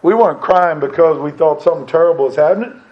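Middle-aged male preacher, fervent, high tenor voice, dull low-fi sermon recording. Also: fast. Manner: fervent preaching, swelling louder and higher on key lines.

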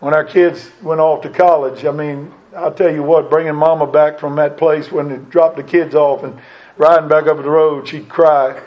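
Middle-aged male preacher, fervent, high tenor voice, dull low-fi sermon recording. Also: little pitch movement, normal speed. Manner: fervent preaching, swelling louder and higher on key lines.

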